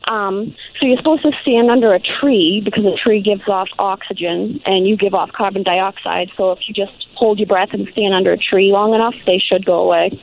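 A woman's voice: medium pitch, a little fast, hardly any pauses. Woman caller on a tinny phone line. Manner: calm, explanatory, many "um"s. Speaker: caller, beekeeper. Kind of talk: phone-in call.

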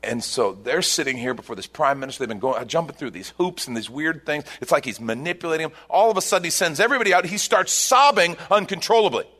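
A man preaching a sermon as pastor, telling a scripture story with emphatic bursts and quieter reflective stretches. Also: fairly high pitch, lively intonation, fast talker, few pauses.

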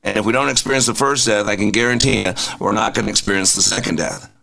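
A man's voice: lowish voice, fast, vocal fry, sharp tone. A man hosting a Christian radio show, preaching with strings of rhetorical questions and emphatic repetition. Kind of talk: inspirational Christian radio talk.

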